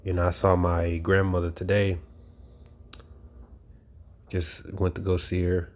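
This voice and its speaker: A man with a very low voice preaches in a loose, conversational way. He leans on his points with emphasis and says many of them twice. He often checks in with "you know" as he goes. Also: flat delivery, a little slow, a little mellow. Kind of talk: informal sermon.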